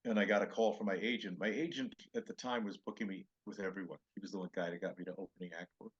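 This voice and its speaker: An older male comedian with a low, husky voice tells stories from his career. He jumps into quoted voices and back, and the sound is dull and lo-fi. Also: fast. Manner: animated anecdotes with acted-out quotes. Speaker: comedian guest. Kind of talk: storytelling interview chat.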